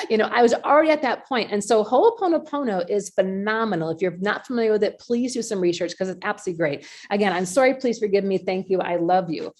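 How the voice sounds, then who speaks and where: A woman hosting a podcast, telling a personal story in a chatty, animated way, acting out her own past reactions. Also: mid-range voice, fast, hardly any pauses. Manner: chatty, with frequent fillers and laughs. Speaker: podcast host. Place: community call or podcast recording.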